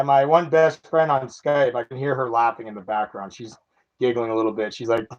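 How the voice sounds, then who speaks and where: Guy unboxing a toy car at home, kinda high voice, laughs at himself a lot, muffled lo-fi mic. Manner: chatty, self-mocking, laughs at himself. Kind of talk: casual unboxing chat.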